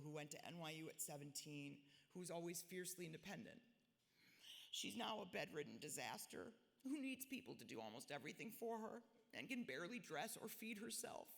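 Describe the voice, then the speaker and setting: A woman's voice: deep voice, vocal fry. A woman in her forties giving a speech at a gala in a large hotel ballroom, blunt and self-mocking. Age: 40s. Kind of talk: reading a personal diary-style speech. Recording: reverberant ballroom, long echo.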